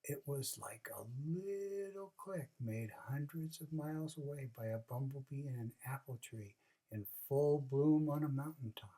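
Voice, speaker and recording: A storyteller casually reading a children's book aloud, with chatty asides and expressive narration. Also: medium pitch, a little slow. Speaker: storybook reader.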